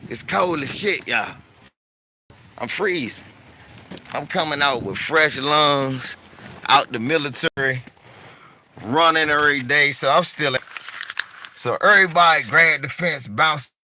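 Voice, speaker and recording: Bright-voiced D.C. man telling a story. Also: a little high, unhurried, long pauses, a little hiss or hum. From Washington, D.C. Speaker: podcast guest. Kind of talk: animated storytelling.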